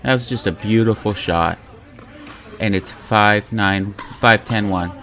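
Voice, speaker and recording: A man giving casual play-by-play commentary on amateur game footage, calling scores and chuckling often in a relaxed, joking way. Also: lowish voice, unhurried, soft background music. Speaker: pickleball commentator.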